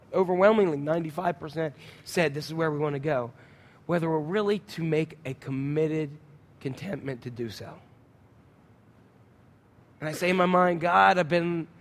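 A man preaching a sermon, telling a story and acting out the sounds and his own inner thoughts, often asking the congregation questions. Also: fairly high pitch. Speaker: pastor. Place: church sanctuary. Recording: church hall reverb.

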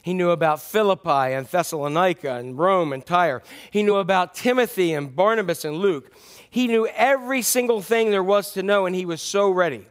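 A man's voice: high-pitched, normal speed. A male pastor telling stories in a sermon, acting out the animals in the tale. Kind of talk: sermon storytelling.

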